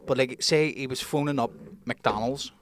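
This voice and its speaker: A man's voice: mid-range voice, moderate pace, a little hiss or hum. A young man, telling stories in casual podcast chat, swearing and laughing as he goes. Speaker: podcast co-host.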